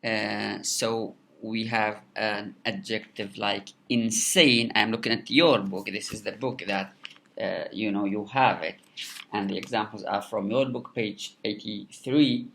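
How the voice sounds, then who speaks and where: A man giving a recorded lecture, halting with many fillers and repeated words. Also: fairly low pitch, steady tone, creaky, fairly bright tone, slight background noise. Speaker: English lecturer.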